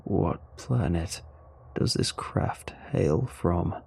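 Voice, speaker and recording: Man doing a stranded alien, low gravelly voice, slow drawn-out words, dark tone. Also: expressive, exaggerated voice. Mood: somber. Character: stranded male alien, low gravelly, weary then elated.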